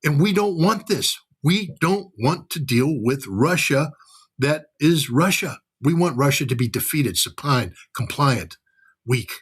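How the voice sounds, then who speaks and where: A man's voice: fairly high pitch, expressive, unhurried, fairly bright tone, slightly rough. An American man giving heated political commentary, blunt and profane, mimicking the voices of others to make his point. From United States. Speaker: commentator guest.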